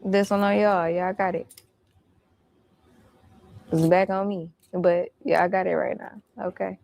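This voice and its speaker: A woman tells a story in a blunt, profane, casual way. Her voice sits low and gravelly, with a flat, unhurried delivery that barely rises or falls. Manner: blunt, profane, recounting events.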